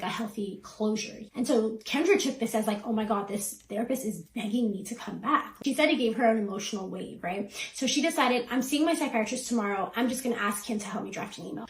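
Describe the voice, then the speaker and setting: A woman's voice: on the high side, reverberant, a little hiss or hum, poor audio. A woman hosting a reaction channel, casually recapping someone's story in a chatty way, quoting the people involved with lots of fillers. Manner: chatty, retells with quoted voices and fillers.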